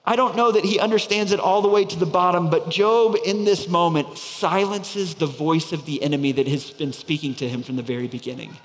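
A man preaching a sermon, swinging from loud proclaiming to hushed, near-whispered lines. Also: high voice, fairly quick, few pauses, in a large hall. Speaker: pastor.

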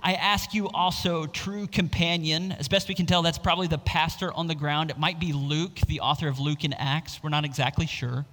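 A male pastor delivers an earnest, expressive sermon in a slightly higher-than-usual voice. His words ring out with a long hall reverb, as in a church sanctuary. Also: fairly quick, few pauses. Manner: earnest, expressive preaching with emphatic quoted lines.

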